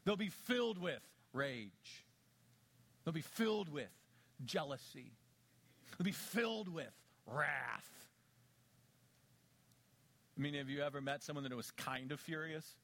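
A middle-aged male pastor preaching a sermon, swinging between quiet low asides and loud emphatic peaks. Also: expressive, a little slow, pauses often.

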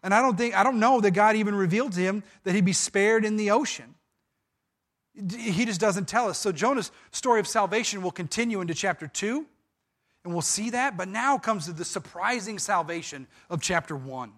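A man preaching a sermon, walking through a scripture passage with animated storytelling and frequent restarts. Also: high voice, moderate pace. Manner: animated storytelling with dramatized quotes. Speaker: pastor.

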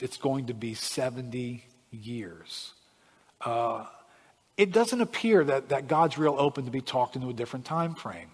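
A man's voice: a little high, slightly rough. Man preaching with dramatic swings in volume. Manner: dramatic swings from hushed to shouting. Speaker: pastor. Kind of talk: sermon. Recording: long hall reverb.

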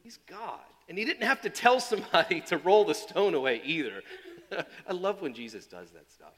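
A man preaching a sermon. His delivery swings from loud, emphatic build-ups to quiet, low asides, and he often repeats and restarts phrases. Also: animated, moderate pace, in a large hall. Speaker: pastor.

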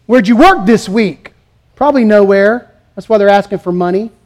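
A man's voice: sits high, moderate pace, darkish tone. A man preaching a sermon, emphatic and full of rhetorical questions, acting out the voices he quotes. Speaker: pastor.

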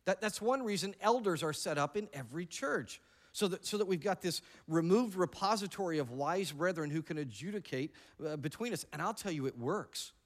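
A pastor delivers an animated sermon in a fairly high voice. He mixes in playful jokes and repeats words for emphasis as he drives his points home.

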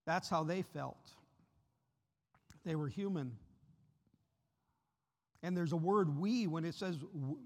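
Guest preacher, male, higher voice, earnest, lifts his pitch for quoted cries, big reverberant church sound. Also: slow pace, long pauses, darkish tone. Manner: earnest, voice rises sharply when voicing the disciples' cries. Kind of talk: sermon. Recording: long reverb of a large hall.

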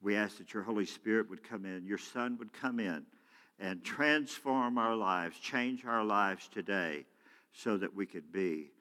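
Pastor, male, bright ringing delivery in a reverberant sanctuary, shifts between loud exhortation and quiet prayer. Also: lowish voice, a little slow. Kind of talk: sermon. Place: church sanctuary. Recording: church hall with long reverb.

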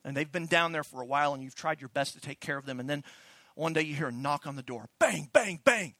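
A man's voice: on the high side, fairly even intonation, fast talker, bright, forceful tone, no echo. A man preaching a sermon, telling the story with animation and acting out the voices he quotes. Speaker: pastor.

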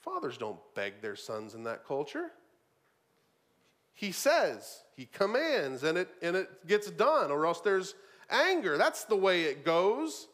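A man preaching a sermon in an animated way, swinging from loud emphasis to quiet asides and often repeating words. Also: high voice, slow pace.

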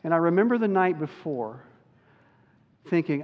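Pastor type, man with a high voice, earnest sermon delivery, dull recording with a long hall echo. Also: expressive. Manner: earnest, slows down on key words.

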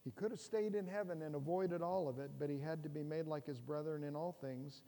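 High-voiced man preaching in a reverberant hall. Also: a little fast, mellow. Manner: conversational preaching with humor and rhetorical questions. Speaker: pastor. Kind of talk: sermon.

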